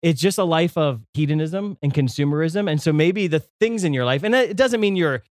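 A young man co-hosting a faith podcast in a studio, telling stories in an animated way with many fillers and restarts. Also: on the high side, a little fast, no room sound. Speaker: podcast co-host.

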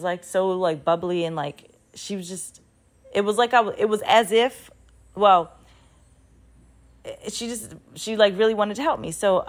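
A woman in her thirties telling a story in a casual vlog, rambling with lots of "like" and restarts, and swearing freely. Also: medium pitch. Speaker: vlogger.

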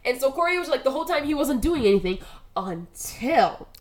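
A woman's voice: sits high, big pitch swings, brisk, rough recording. A young woman casually retelling a true crime story, rambling with lots of "like," swearing freely and acting out what people said. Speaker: podcast co-host telling a true crime story.

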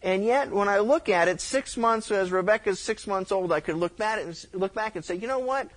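A man's voice: high-pitched, a little fast. A middle-aged male pastor preaching a conversational sermon, telling stories with frequent restarts and stammers. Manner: conversational, animated storytelling with repeated restarts.

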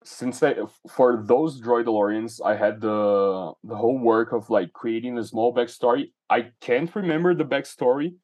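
A man's voice: medium pitch, moderate pace, few pauses, a little mellow. Hesitant man chatting as podcast guest. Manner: thoughtful, hesitant with restarts. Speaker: guest, toy artist. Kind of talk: casual chat.

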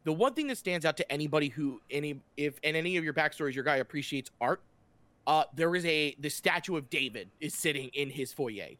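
Male game master, loose casual narration, somewhat high voice. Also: a bit bright, no echo. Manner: casual, halting narration with restarts.

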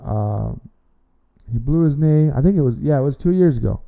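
A man's voice: mid-range voice, expressive, moderate pace, gravelly, muffled recording. A man hosting an amateur sports podcast, talking casually and rambling, often repeating words and restarting his sentences. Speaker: podcast host.

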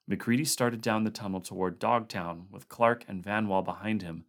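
Low-voiced man reading a story. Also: fairly even intonation, normal speed, hardly any pauses, fairly bright tone. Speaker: audiobook reader. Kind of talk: story narration.

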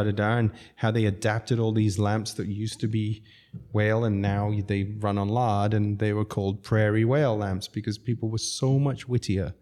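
Restaurateur guest, male, low and mellow, loose storyteller who laughs easily. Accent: non-American English. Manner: laughing, rambling anecdotes. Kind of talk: casual storytelling chat.

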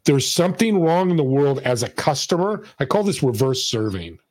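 A man telling a story in casual conversation, acting out the people he quotes with a lively delivery. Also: a little high, normal speed, no echo. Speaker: podcast host and guest.

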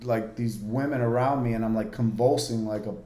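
A man's voice: mid-range voice, steady tone, a little fast, dark tone. A man in his forties, a podcast guest, telling a personal story candidly and vividly with lots of "like" fillers. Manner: vivid, earnest, many "like" fillers. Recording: roomy, echoey room.

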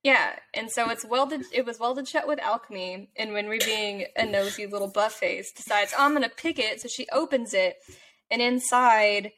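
Young woman chatting, kinda high voice, light hiss in the background. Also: moderate pace. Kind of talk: casual chat.

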